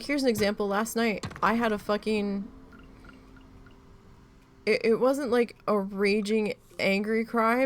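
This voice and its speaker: A woman's voice: mid-range voice, slight background noise. A woman streamer chatting casually while she plays, rambling through a story and swearing freely. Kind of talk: casual chat while gaming.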